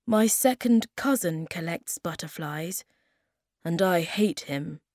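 Fussy, mournful storybook creature, read by a woman narrator, slow, dry close sound. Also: on the low side, animated, darkish tone, dry recording. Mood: glum. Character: fussy gloomy male creature, collector.

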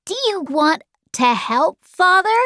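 A woman voicing a young boy who speaks coldly and slowly in an audiobook. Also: extremely high pitch, lively intonation, bright, forceful tone, no echo, studio quality, voice pushed up, full character voice. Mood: eerie, cold. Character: young boy, cold and eerily calm, under an evil power. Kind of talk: audiobook character voice.

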